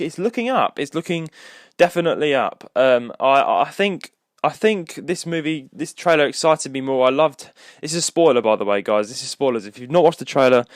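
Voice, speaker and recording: A man's voice: mid-range voice, no echo, studio quality. A young man, hosting a solo podcast episode in a rambling, casual chat with lots of restarts. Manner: rambling, with many restarts and fillers. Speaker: podcast co-host.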